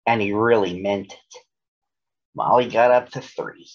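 A man reads a children's storybook aloud, slow and unhurried, in a lowish, husky voice. The recording is dull and lo-fi. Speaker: storybook reader.

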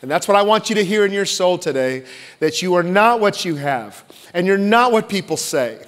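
Male pastor, sermon, fairly high voice, long hall reverb, loud then hushed. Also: animated, moderate pace. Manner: impassioned, swinging from loud emphasis to hushed intimacy. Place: church sanctuary.

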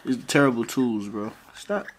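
A man's voice: fairly high pitch, sing-song, unhurried. A man vlogging at home, talking in a coaxing, playful, slangy way to his young child while trying to film. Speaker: vlogger and father. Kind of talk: casual talk to a toddler on camera. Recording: clear background noise.

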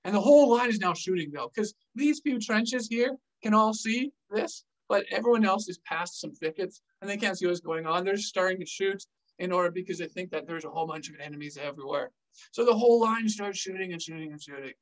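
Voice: medium pitch, fairly quick, recorded from a distance, rough recording. A former army officer telling a war story on a vlog, acting out the scenes with gestures. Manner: animated, acts scenes out with gestures.

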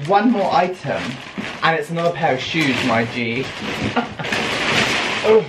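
A young man with a British accent, excitedly unboxing a clothing haul and exclaiming, gasping and laughing often. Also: fairly high pitch, slow pace. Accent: British English. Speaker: fashion vlogger. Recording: echoey room with clear background noise.

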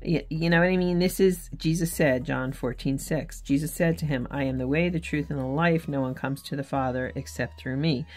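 A woman's voice: low-pitched, normal speed, few pauses, a little mellow. A woman vlogging about her faith in casual, earnest talk, candid and often correcting herself mid-sentence. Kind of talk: casual devotional vlog talk.

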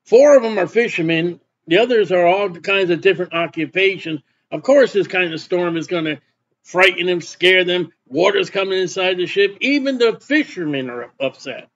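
A man's voice: high voice, expressive, normal speed, a bit bright, lo-fi sound, a little hiss or hum. A male preacher reading scripture aloud and explaining it in plain, conversational asides. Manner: reads verses then explains in plain asides. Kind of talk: sermon, Bible reading with commentary.

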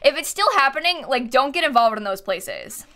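Giggly woman livestreamer, bright and fairly high, chats casually while gaming. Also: very animated, normal speed. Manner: giggly, chatty, thanks viewers often. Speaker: streamer. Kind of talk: casual live-stream chat while gaming.

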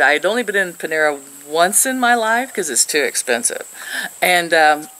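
A woman's voice: on the low side, pushed and bright, low-quality recording. An older woman from Missouri, sitting outdoors and chatting to camera as she tells a rambling story with frequent laughs. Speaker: vlogger.

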